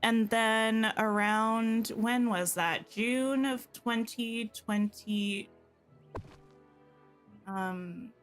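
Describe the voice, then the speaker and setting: A woman's voice: on the high side, very slow, faint music behind. A woman chatting casually while livestreaming a game, thinking aloud and tossing in playful asides to her viewers. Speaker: game streamer.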